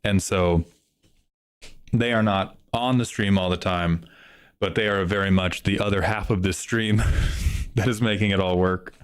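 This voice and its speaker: A man streaming live in casual chat, joking loosely with some swearing and excitable bursts. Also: sits low, unhurried, long pauses, clean tone.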